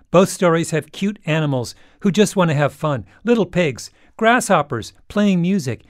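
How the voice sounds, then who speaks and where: Male podcast host, scripted narration, wry and dramatic, with a very lively melody. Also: mid-range voice, no room sound, clean studio sound. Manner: dramatic, wry, with emphatic swings in delivery.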